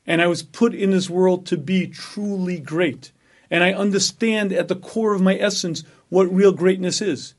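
A rabbi giving a Torah lecture, speaking emphatically, asking rhetorical questions and repeating phrases for effect. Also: male voice, sits high, steady tone, normal speed. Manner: acts out an inner voice in dialogue.

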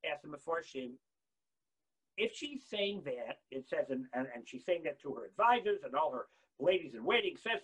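A man giving an impassioned sermon, swinging from shouts down to near-whispers and acting out the voices he quotes. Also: on the high side, very animated, moderate pace, breathy edge, low-quality recording. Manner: acts out quoted voices and excuses.

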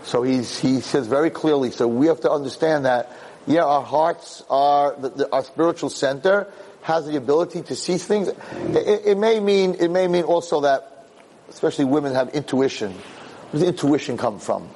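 A middle-aged man, a rabbi, giving a Torah class as an animated storyteller who repeats words as he restarts his sentences. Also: fairly high pitch, moderate pace, slight background noise.

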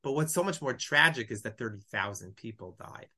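A man teaching a Bible lesson verse by verse, reading lines aloud and explaining each in English. His voice is bright and clear, and his delivery is emotional, sometimes choked up. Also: medium pitch, expressive, brisk. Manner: reads Hebrew verses then explains in English. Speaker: Torah teacher. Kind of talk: text study lesson, translating verse by verse.

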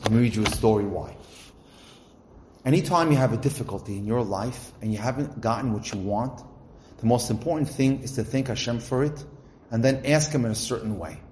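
A man's voice: medium pitch, brisk. A middle-aged man giving a religious lecture, telling a story and translating Hebrew phrases into English as he goes. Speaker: Torah teacher. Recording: echoey room with faint background noise.

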